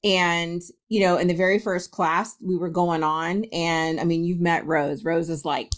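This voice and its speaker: A woman's voice: fairly low pitch, flat delivery, a little slow. A middle-aged woman from Ohio, a guest medium, telling a story in a casual interview, laughing often and acting out quotes.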